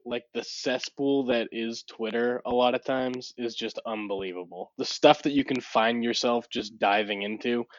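A man co-hosts a relaxed podcast, making blunt and emphatic points and laughing easily. His pitch is ordinary for a man. The recording is dry and somewhat dull. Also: no room sound. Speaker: podcast co-host. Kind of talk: casual podcast chat.

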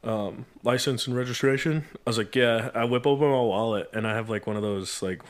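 A man's voice: mid-range voice, a little fast. Laid-back young man telling a story. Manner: laid-back storytelling, swearing, acting out quotes. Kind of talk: casual chat.

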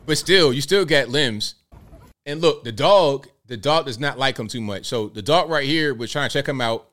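Animated male show host. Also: mid-range voice, normal speed. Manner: animated, full of rhetorical questions. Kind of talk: live commentary show.

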